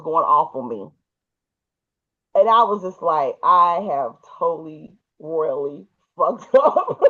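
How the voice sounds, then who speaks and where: Woman, casual storytelling, emphatic and animated, colloquial, muffled lo-fi sound. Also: medium pitch.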